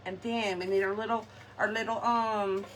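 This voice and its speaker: A woman crafts live while talking to viewers, her medium-pitched voice steady and moderately paced, with frequent laughter. Recorded on a distant mic, the clip has background noise and faint ambience.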